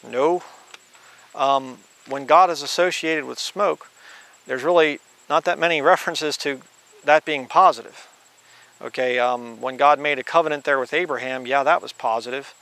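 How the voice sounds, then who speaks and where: A male preacher slowly reading scripture aloud, then adding blunt conversational asides. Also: mid-range voice, sharp tone. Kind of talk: informal Bible teaching.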